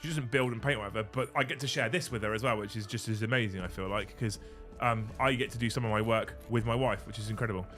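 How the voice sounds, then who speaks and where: A man's voice: on the low side, quick pace, fairly bright tone, faint music behind. A British man hosting a casual stream, ranting comically and swearing freely. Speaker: streamer host. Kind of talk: casual comedic rant.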